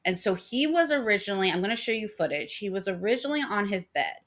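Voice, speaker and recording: A woman's voice: medium pitch, expressive, fast talker, a bit bright. A woman hosting a paranormal channel, chatting casually and rambling with many fillers, emotional about her dog. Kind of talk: casual chat.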